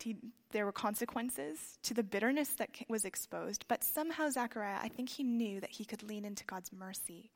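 A woman preaching a sermon in a conversational, reflective way, with soft trailing phrases and frequent fillers. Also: fairly high pitch. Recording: long reverb of a large hall.

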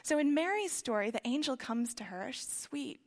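A woman preaching a sermon in a conversational, reflective way, with soft trailing phrases and frequent fillers. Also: sits high, expressive, normal speed. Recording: long reverb of a large hall.

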